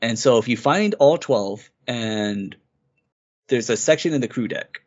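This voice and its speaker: A man's voice: mid-range voice, lively intonation, unhurried. A man co-hosting a podcast, casually and eagerly retelling a game's story in a rambling way. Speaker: podcast co-host. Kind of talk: casual game review chat. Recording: dull lo-fi recording.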